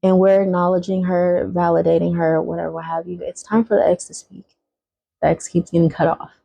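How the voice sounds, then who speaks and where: A woman's voice: fairly low pitch, level tone, a little fast, creaky, mellow, low-quality recording. A woman in her thirties telling viewers a personal story time in a blunt, casual way, swearing freely as she talks to them directly.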